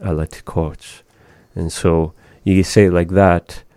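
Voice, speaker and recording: A man with a very low, mellow voice walks a learner through new words. He speaks slowly and patiently, modeling each word with care. The sound is dry and close. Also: level tone, dry recording. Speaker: language teacher. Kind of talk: conversational language lesson.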